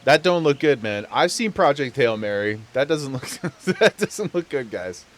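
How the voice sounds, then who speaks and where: A man's voice: mid-range voice, lively intonation, a little slow, a little hiss or hum. A man streaming a video game from home, joking and laughing a lot as he chats and reads the game's dialogue aloud. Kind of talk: casual live gameplay commentary.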